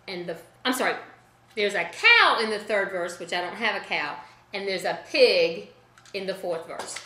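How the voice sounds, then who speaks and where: In a roomy-sounding space, a woman music teacher with a mid-range voice leads children through a sing-along lesson. She is gentle and chatty, frequently pausing to correct herself.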